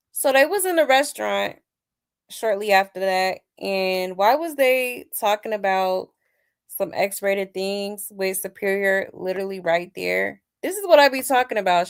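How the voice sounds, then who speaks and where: Female gossip host, slightly hoarse, sassy and chatty with her viewers, mid-pitched with vocal fry. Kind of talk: casual celebrity gossip commentary.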